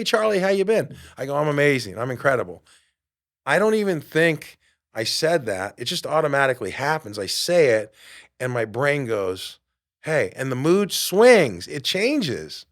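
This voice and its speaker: A podcast host and fitness coach in his late fifties delivers an emphatic motivational talk in a studio with a mid-range voice. He swings between loud bursts and quiet asides.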